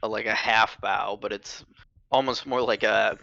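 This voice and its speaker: Gravelly, lively man on a dull mic. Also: fairly low pitch, moderate pace, no echo. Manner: hesitant, many fillers. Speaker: player. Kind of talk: casual tabletop play.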